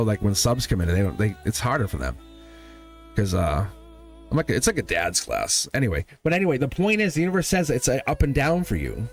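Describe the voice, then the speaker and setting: Lively, animated man reading tarot. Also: mid-range voice. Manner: animated and playful, laughs often, talks to viewers. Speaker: tarot reader and live stream host. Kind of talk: live tarot reading, casual chat.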